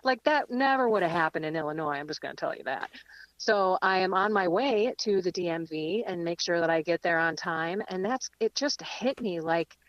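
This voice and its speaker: A woman calls in to a radio show from her car. She tells her story in a lively way and laughs easily, with a slightly low voice. The audio is dull and lo-fi, like a phone line, with a dry sound. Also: moderate pace, no echo. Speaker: guest speaker. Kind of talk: live radio chat and reflection. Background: rain.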